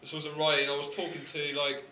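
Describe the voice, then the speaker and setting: A man's voice: a little high, monotone, fast talker, sharp tone. A young man telling a sheepish drinking story on a casual podcast, laughing as he talks. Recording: echoey room, faint noise.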